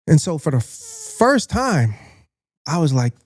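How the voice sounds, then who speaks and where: A man with an American accent hosting a podcast, telling a story in a casual, animated and profane way and acting out the people he quotes. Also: a little high, slow pace, no room sound, clean studio sound.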